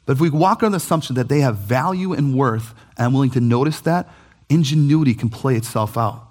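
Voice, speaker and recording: A man, preaching a sermon as pastor in an animated, conversational way with jokey asides. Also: medium pitch.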